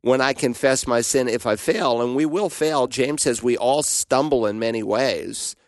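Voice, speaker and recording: A man's voice: mid-range voice, moderate pace, dry recording, clean studio sound. A man teaching the Bible on a radio call-in show, answering questions in an emphatic, preaching manner.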